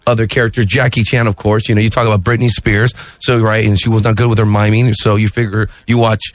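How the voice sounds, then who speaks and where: A man being interviewed as a comedian, animated and quick to slip into impressions. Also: lowish voice, no echo. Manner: animated, jumps into sung and shouted impressions. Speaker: comedian guest.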